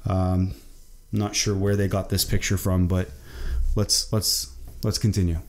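A Lebanese man hosting a casual reaction video, talking with many pauses, ums and restarts. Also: low voice, flat delivery.

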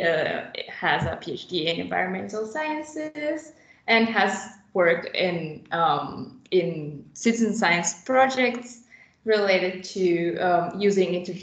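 A woman's voice: mid-range voice, roomy sound. A woman co-hosting a webinar who introduces speakers with frequent fillers. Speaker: webinar co-host.

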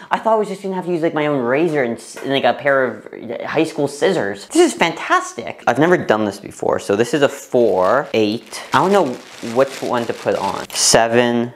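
A young man vlogging casually to the camera in a bathroom. His nervous, excitable chatter breaks into squeals and laughter. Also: mid-range voice. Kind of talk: casual vlog talking to camera. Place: parents' bathroom, indoors.

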